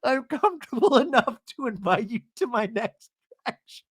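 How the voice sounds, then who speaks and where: A man's voice: sits high, normal speed, fairly bright tone, dry recording, studio quality, pitched above the performer's own voice. A man imitating a gushing, sugary woman from reality TV in a raised, sweetened voice.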